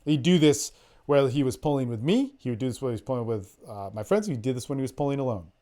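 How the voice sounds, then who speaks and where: A male dating coach holds forth on a group call, swearing freely as he tells his stories. He slips into quick quoted lines from other people and then drops back to his own easy, mid-pitched voice. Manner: profane, animated storytelling, quoting others in quick bits. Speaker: podcast host, dating coach. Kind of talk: casual storytelling on a group call.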